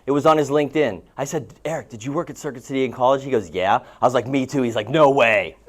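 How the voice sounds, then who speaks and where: A man's voice: mid-range voice, expressive, fast, hardly any pauses. A man coaching real estate agents at a live seminar, telling stories in a chatty way and asking the audience questions. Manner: chatty storytelling, asks the room questions.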